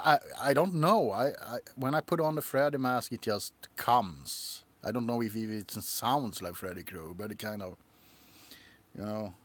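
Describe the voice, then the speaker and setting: A man's voice: lowish voice, no room sound. A man chatting on a livestream about shows and his ASMR characters, rambling and laughing. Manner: rambling, laughing, slow and halting. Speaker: ASMR creator. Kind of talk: casual livestream chat.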